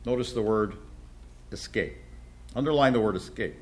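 A man teaching a Bible class, talking with many fillers and restarts and slowing down to stress key words. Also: lowish voice.

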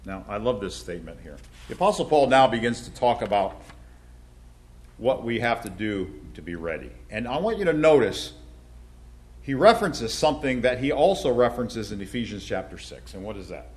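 Man teaching a halting Bible lesson. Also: mid-range voice. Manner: halting, with many fillers and restarts, slows to stress key words.

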